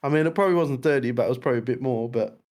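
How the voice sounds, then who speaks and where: A man hosting a live music game show chats casually, laughing and teasing the contestants in a live-stream setting. His medium-pitched, slightly mellow voice moves at a racing pace.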